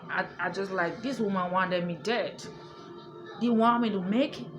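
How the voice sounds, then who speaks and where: A woman's voice: medium pitch, moderate pace, over music. A woman telling a family story to her viewers in a casual, emphatic way, repeating her points and checking that the listener understands. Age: adult. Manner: emphatic, repetitive, addresses listener directly.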